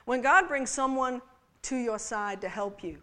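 Bright-voiced, high-pitched preacher woman. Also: a little slow. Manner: playful, teasing, addressing the congregation directly. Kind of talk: sermon with props.

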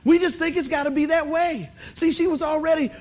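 A man's voice: very high-pitched, fairly even intonation, a little fast. A male pastor, telling a funny story in a sermon, laughing often and acting out the voices.

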